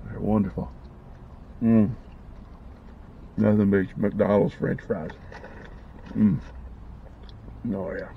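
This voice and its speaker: Brief: slow-talking man with a gravelly voice, eating on camera, mouth full, muffled lo-fi sound. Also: on the low side, little pitch movement, a little hiss or hum. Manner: savoring food, talking with his mouth full. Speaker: food vlogger. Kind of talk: casual eating vlog.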